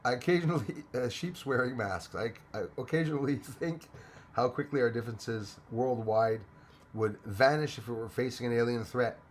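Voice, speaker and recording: Man from Canada, livestream host, laid-back chatter, reads out viewer names, quick laughs, mid-pitched voice. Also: slight background noise. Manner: chatty, thanks viewers by name, laughs often. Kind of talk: casual livestream chat.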